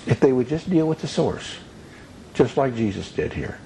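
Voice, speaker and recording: A man's voice: mid-range voice, very animated, normal speed, vocal fry, mellow, a little hiss or hum, low-quality recording. Folksy man teaching a Bible lesson. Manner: folksy, repetitive teaching with asides. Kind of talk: conversational sermon.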